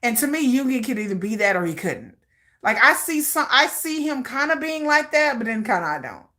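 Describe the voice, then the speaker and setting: A woman hosting a livestream in casual chat, rambling and animated and laughing often. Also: high voice, brisk. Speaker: livestream host.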